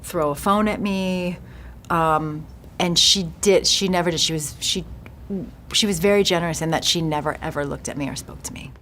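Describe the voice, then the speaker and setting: A woman's voice: fairly low pitch, normal speed, fairly bright tone, a little hiss or hum. A woman giving a casual press junket interview about her film, chatty, laughing often and restarting her sentences.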